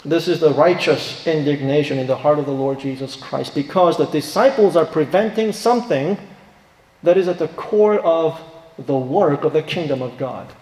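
A man preaches in a slightly high voice, leaning hard on key words and asking the room questions. His voice rings through a roomy hall with a long reverb tail. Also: moderate pace, a little mellow. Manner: emphatic, rhetorical questions, acts out quoted voices. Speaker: pastor. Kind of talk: sermon.

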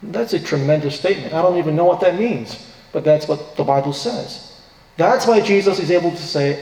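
A man's voice: on the high side, lively intonation, a little fast, a little mellow. Preaching man in an echoey hall. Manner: earnest preaching with rising emphatic quotes. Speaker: pastor. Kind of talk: sermon. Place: church sanctuary. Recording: echoey hall, distant reverb.

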